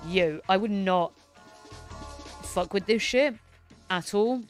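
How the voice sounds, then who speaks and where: A woman's voice: mid-range voice, slow pace, soft background music. A woman streamer chatting casually, cursing freely and sounding out words as she practises them. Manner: casual, swears freely, repeats phrases while learning. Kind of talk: casual chat.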